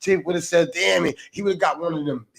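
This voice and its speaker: Gravelly man telling a loud podcast story. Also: fairly high pitch, fairly quick, crowd noise. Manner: animated, loud storytelling with mimicked voices. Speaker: podcast co-host. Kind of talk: casual livestream podcast banter.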